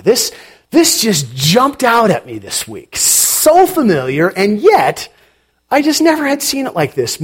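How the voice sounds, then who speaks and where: A man preaching a sermon as pastor, animated and dramatic, with sudden emphatic lines. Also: high-pitched, breathy edge.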